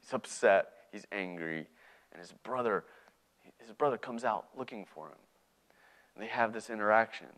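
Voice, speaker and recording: A man's voice: fairly low pitch, normal speed, long pauses, a bit bright. A man preaching a sermon in a conversational way, often checking in with his listeners. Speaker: pastor.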